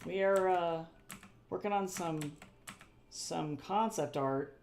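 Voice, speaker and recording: This streaming artist talks slowly at a medium pitch, with vocal fry, a darkish tone, and a faint hiss or hum in the audio. The chatter rambles, full of self-corrections, repeated phrases, casual swearing, and laughs at their own jokes.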